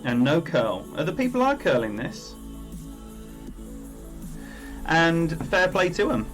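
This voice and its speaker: A man's voice: on the high side, sing-song, normal speed, fairly bright tone, soft background music. A man commentating on his own game play during a live stream, chatty and rambling as he greets viewers by name.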